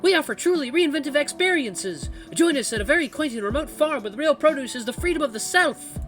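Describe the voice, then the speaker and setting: A man putting on a high-pitched male club recruiter, overly cheerful sales pitch, game voice, music underneath. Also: animated, a little fast, a bit bright. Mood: salesy.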